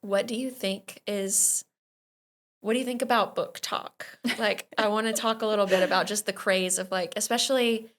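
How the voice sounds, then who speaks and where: A woman hosting a podcast interview, talking in a relaxed, friendly way with many fillers. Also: mid-range voice, normal speed. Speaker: podcast host, magazine editor.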